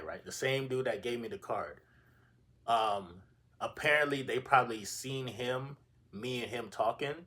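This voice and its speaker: A young man telling a dream story on his own channel in a loose, casual style. His voice sits a little low, and he rambles in slang with plenty of swearing. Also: a bit bright. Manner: slangy, profane, rambling retelling. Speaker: channel host.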